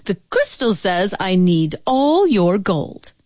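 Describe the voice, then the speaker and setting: A scheming old fortune-teller woman with a crooning, wheedling way of talking and a sharp impatient edge, voiced by a woman reading a story aloud. Her delivery swoops widely in pitch and unhurried. The sound is close and dry. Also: very animated, dry recording. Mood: greedy. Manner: crooning, snappish.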